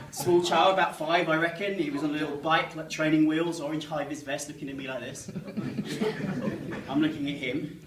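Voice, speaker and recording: Roomy, bright-voiced comedian on stage. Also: male voice, a little high, slight background noise. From England, Medway Towns in Kent. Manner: chatty, self-mocking, jokes with the audience. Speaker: stand-up comedian. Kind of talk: stand-up comedy to a live audience. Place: live comedy room with an audience. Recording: roomy sound, mic at a distance.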